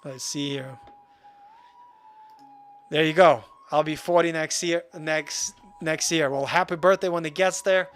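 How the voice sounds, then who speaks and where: Live-stream host, a man in his 40s, rambling and self-mocking, a bit high-pitched. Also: steady tone, measured pace, pauses often, fairly bright tone, soft background music. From Russia. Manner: rambling, self-deprecating, filler-heavy. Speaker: livestream host. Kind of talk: casual live-stream chat.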